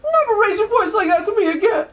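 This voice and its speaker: Guy doing a shrieky angry mom, scolding, way up high. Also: lively intonation, fast talker, a bit bright, far from the mic, soft background music. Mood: furious scolding. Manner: screeching, scolding. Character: shrill furious scolding mother, middle-aged woman.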